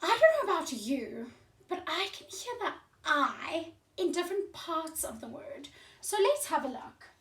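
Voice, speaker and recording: A woman teaching a phonics lesson to young children in a slow, clear teacherly voice, sounding out letters, heard from a distance in a roomy space. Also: very high-pitched, sing-song, fairly bright tone, a little hiss or hum. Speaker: primary school teacher.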